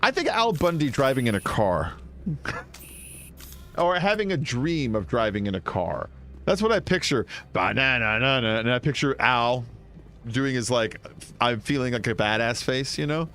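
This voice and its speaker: A man's voice: medium pitch, very animated, moderate pace, pauses often, fairly bright tone. A man commentating his video game playthrough in a rambling, joking way, laughing often. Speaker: gaming streamer. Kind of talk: let's play commentary.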